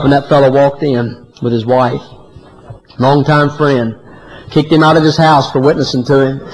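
A man preaching a sermon, swinging from loud high climbs to low quiet drops. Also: rough recording. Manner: animated preaching, often rising high and loud, then dropping low.

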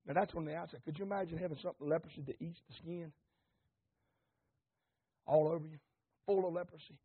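A man preaching an impassioned sermon, repeating phrases, asking the congregation questions and rising to shouts. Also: on the high side, steady tone, quick pace, husky. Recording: tinny phone-like recording.

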